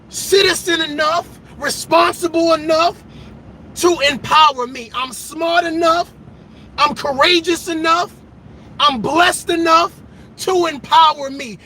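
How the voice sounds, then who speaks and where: A man with a very high, sharp-edged voice gives an impassioned motivational talk. He preaches and repeats himself, hammering each point and often rising to a shout. A faint hum of noise sits behind him. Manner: preachy, repetitive, emphatic, breaks into shouts. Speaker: motivational vlogger.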